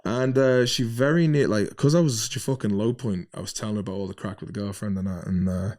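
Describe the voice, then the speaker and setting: A man's voice: lowish voice, quick pace, darkish tone. An Irish man telling casual, swearing anecdotes as a podcast guest. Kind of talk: casual storytelling.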